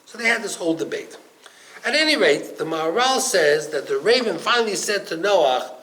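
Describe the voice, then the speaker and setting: A man teaching a Torah class as a rabbi, animated and storytelling, acting out the figures in his stories. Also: on the high side, moderate pace, low-quality recording. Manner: animated, acts out the stories in quoted voices.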